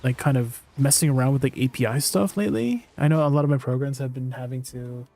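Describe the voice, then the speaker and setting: Guy streaming a game, mellow tone, rambly and full of likes and you knows. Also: medium pitch, quick pace. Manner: rambling, filler-heavy, laughs at himself. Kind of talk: casual chat while livestreaming a game.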